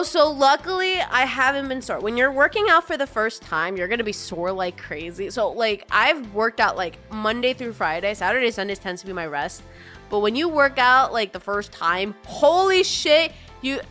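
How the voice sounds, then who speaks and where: A woman streaming live, chatting casually with her viewers, bubbly and chatty, greeting them in a high sing-song and often laughing. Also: expressive, moderate pace, pushed and bright, soft background music.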